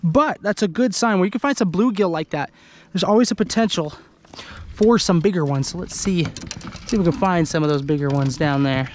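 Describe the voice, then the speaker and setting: A man from Idaho giving excited, chatty commentary to the camera while fishing from a kayak on a lake. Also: high voice, normal speed, slight background noise. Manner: excitable, exclaiming, chatty with viewers. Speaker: fishing vlogger. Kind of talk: casual outdoor commentary to camera. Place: kayak on an open lake outdoors. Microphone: handheld camera.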